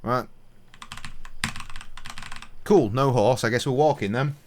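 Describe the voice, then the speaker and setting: An English man in his thirties, streaming a game with sweary, jokey commentary and sudden loud outbursts. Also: mid-range voice, slow, a little hiss or hum. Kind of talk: casual gaming commentary.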